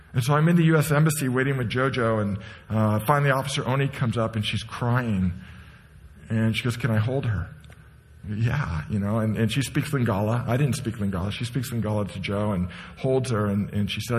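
Middle-aged preacher, echoing hall. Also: male voice, medium pitch, fairly even intonation, brisk. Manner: storytelling, impassioned, shifts between hushed and raised. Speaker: pastor. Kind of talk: sermon. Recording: long hall reverb.

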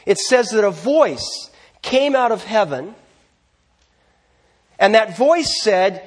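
A man preaching a sermon as pastor, earnest, slowing down to stress key phrases. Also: high-pitched, big pitch swings.

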